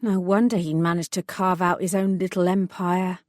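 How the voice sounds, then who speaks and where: A woman reading a first-person audiobook in a measured, wry storytelling manner. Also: fairly low pitch, flat delivery, darkish tone, no room sound, studio quality. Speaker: audiobook narrator. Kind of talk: scripted first-person narration.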